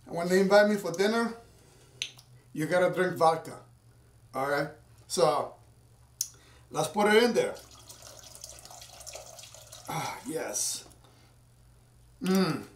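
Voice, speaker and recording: A man's voice: a little high, lively intonation, slow, long pauses. A man chatting casually to viewers at home while making a drink, rambling as he goes. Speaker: home cocktail maker. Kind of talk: casual cooking vlog. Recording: roomy sound, from far off the mic.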